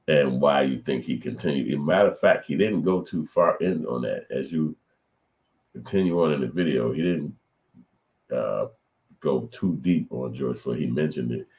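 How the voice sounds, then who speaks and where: A man's voice: a bass voice, gravelly, a little mellow. A middle-aged man hosting his own channel, giving loose, rambling, slangy reaction commentary. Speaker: channel host.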